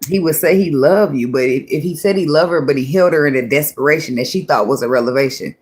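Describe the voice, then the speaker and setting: A woman reads tarot in a low, darkish voice, talking fast, with a slight hiss or hum in the sound. She thinks out loud in a loose, casual way, laughing often, cursing freely, and frequently backing up to restart a thought.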